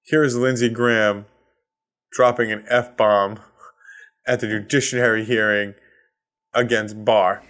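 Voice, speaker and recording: A man's voice: on the low side, level tone, takes it slowly, pauses often, a bit bright. A man from Massachusetts with a Boston accent, hosting a solo comedy podcast and ranting with heavy swearing and sarcasm. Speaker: podcast host.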